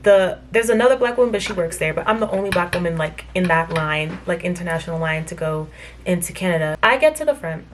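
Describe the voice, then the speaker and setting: A woman's voice: on the low side, expressive, quick pace, slight background noise. Chatty young American woman vlogging. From United States. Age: young adult. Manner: chatty, many fillers, recounts dialogue indignantly. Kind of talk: casual storytelling to camera. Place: hotel room.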